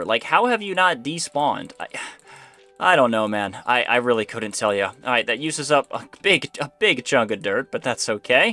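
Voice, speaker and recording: A man's voice: medium pitch, sharp tone. A young man giving casual, rambling commentary to himself while playing a building game. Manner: rambling, self-talking, easily startled. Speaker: gaming YouTuber. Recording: faint background music.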